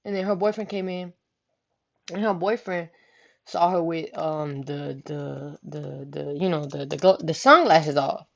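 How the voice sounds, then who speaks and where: A young woman vlogger telling a story casually, animated, profane and full of slang, acting out the voices of the people in it. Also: deep voice, unhurried, vocal fry. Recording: dull lo-fi recording.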